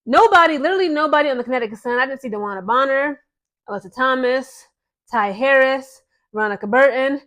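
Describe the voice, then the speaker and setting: A woman's voice: high voice, fast, a bit bright. A woman hosting her own channel, giving casual, chatty commentary to the camera and often checking in with her viewers. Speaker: channel host.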